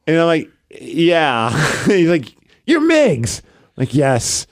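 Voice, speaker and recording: Slow-paced and slightly high in pitch, this middle-aged podcast co-host tells a story in casual conversation. He's animated and performs the voices of the story's characters.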